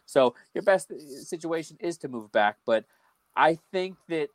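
A man in a casual sports podcast chat, thinking out loud with many fillers. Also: fairly high pitch, expressive, a little slow, no echo.

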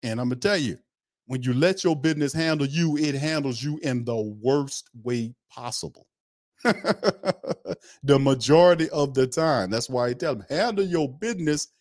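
A man's voice: medium pitch, moderate pace, a little mellow, dry recording. A man runs his own sports talk show, his mid-range voice coming through dry and close. He is blunt and fired up, hammering the same point over and over and breaking into laughs between remarks. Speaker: sports podcast host. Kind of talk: casual opinion commentary.

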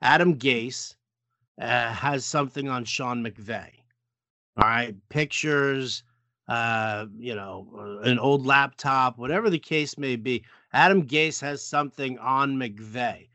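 A man's voice: mid-range voice, slow, pushed and bright, no room sound. A man co-hosting a casual sports talk show, swearing and exasperated, often restarting his sentences. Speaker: sports podcast co-host.

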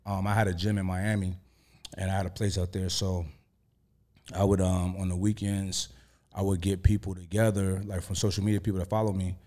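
A man's voice: deep voice, mellow. A man as an interview guest, telling stories in a laid-back, profane way with lots of "you know" fillers. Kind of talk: casual storytelling.

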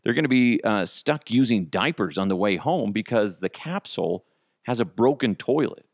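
Animated male podcast host, low voice, dry close sound, casual jokey storyteller. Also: normal speed, no room sound. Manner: animated, jokey, self-deprecating.

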